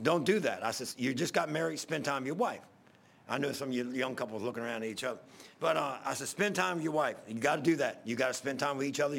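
A middle-aged pastor, preaching in a folksy, rambling storytelling way, repeating himself and getting loud at emotional peaks. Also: male voice, medium pitch, gravelly.

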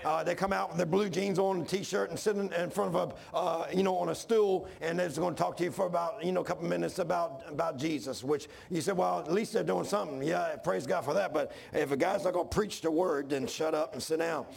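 A man's voice: on the high side, a little fast, creaky, few pauses, a little mellow. A man preaching a sermon in a folksy style, building to fervent intensity.

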